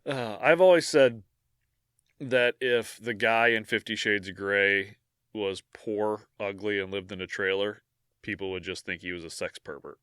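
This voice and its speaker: A man with a bright, forceful voice co-hosts a casual podcast. He moves between loose chat and reading out a history segment, with fillers and false starts along the way. The sound is dry and close. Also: lowish voice, measured pace, smooth, no room sound. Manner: reads the history part, with fillers and restarts between. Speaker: podcast co-host.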